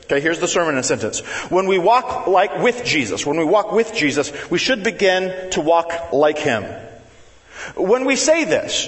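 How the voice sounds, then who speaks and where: A man preaching to his church, chatty and animated, breaking into playful voices when he acts out his children. His voice sits a touch high for a man. The sound rings with the long reverb of a large sanctuary. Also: moderate pace. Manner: animated, conversational, acts out family members with big pitch jumps. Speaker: pastor. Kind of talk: sermon with family stories.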